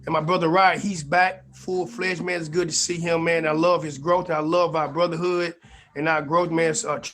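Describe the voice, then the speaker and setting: A man's voice: on the high side, level tone, normal speed, a bit bright. A man hosting a casual live-stream talk show, a little under the weather, folksy and easygoing. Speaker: show host.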